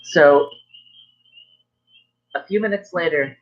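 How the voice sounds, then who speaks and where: Laid-back game master narrating loosely, middle pitch, muffled lo-fi sound. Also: takes it slowly. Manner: casual, loose, fillers like "like".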